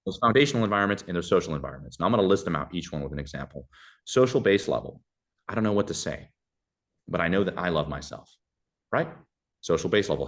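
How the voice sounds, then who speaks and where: A young man talks fast in a low, deep voice, handing out casual advice as a podcast guest. He is animated and slips into other voices to act out short exchanges. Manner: animated, acts out dialogue in shifting voices.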